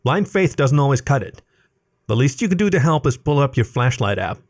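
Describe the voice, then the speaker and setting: A man's voice: mid-range voice, big pitch swings, fairly quick, a little mellow, pitched above the performer's own voice. A man voicing an anxious, sarcastic young male cat fresh out of college, reading it as a storybook. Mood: irritated. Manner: exasperated and sarcastic.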